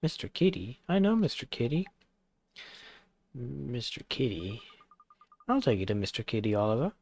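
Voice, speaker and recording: A man voicing a sweet, mysterious small girl in a high, eager voice. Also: very animated, normal speed, darkish tone.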